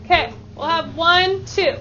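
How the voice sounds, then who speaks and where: A woman's voice: extremely high pitch, measured pace, muffled recording, a crowd in the background. A woman math teacher giving classroom instruction, upbeat and leading call-and-response chants with her students.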